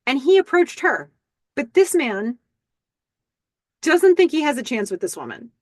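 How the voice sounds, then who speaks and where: A woman hosts a podcast, recapping a TV episode in a casual, animated way and reading characters' lines aloud in playful voices. Her voice is high and a little slow, recorded in a clean studio with no echo.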